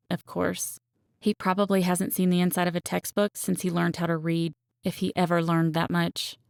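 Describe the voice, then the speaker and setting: Woman, romance audiobook narrator, first-person, wry storytelling, low flat voice, gravelly texture, dry studio sound. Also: dry recording.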